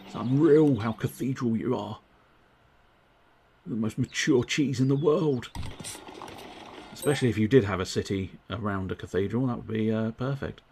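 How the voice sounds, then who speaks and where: A man's voice: mid-range voice, moderate pace, creaky, long pauses, mellow, breathy edge. A man casually commenting on a board game he plays live, chatty and self-mocking, with plenty of swearing. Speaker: livestreamer playing board games. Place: at home.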